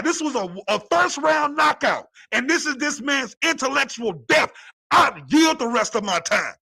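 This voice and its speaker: Debater, male, high and gravelly, bright edge, taunting and profane in a heated online argument. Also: lively intonation, moderate pace.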